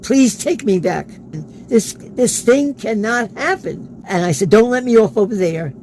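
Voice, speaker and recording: A man's voice: high voice, unhurried, darkish tone, slight background noise, poor audio. A man, an interview guest, telling a personal story in a casual way and acting out the quoted dialogue. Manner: acts out quoted dialogue in his stories.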